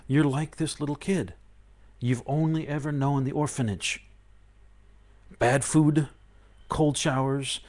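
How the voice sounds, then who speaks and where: A man speaking firmly and earnestly to a live online audience as a spiritual teacher, acting out people's inner voices with rising emphasis. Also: medium pitch.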